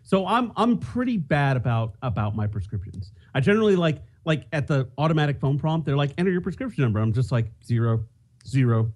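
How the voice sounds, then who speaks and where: A man's voice: mid-range voice, lively intonation, fairly quick, a little mellow. A man co-hosting a podcast, telling a self-mocking story in casual chat. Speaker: podcast co-host.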